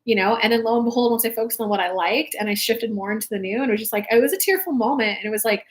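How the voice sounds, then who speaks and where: A woman's voice: on the high side, racing, hardly any pauses. A young adult woman hosting a live spiritual talk show, speaking casually and from the heart, rambling with lots of "like".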